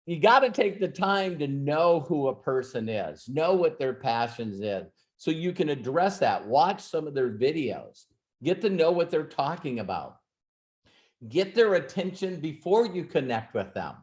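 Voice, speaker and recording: A man's voice: fairly high pitch, very animated, measured pace, darkish tone. A man hosting an ask-me-anything session, telling stories and giving advice in a loose, rambling way with many restarts and asides. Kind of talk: casual storytelling and advice.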